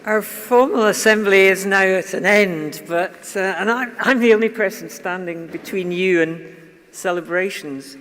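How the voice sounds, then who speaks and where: A man's voice: high voice, measured pace, fairly bright tone. A man giving the closing remarks at a graduation ceremony, with small fillers between his phrases. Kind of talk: ceremony speech. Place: large ceremony hall. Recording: echoey large hall.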